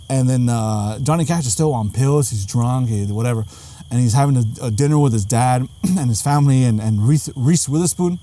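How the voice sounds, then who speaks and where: A young man co-hosting a podcast, telling stories in casual comedic chat, swearing a lot and acting out quotes. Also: medium pitch. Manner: profane, animated storytelling with acted-out quotes. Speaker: podcast co-host.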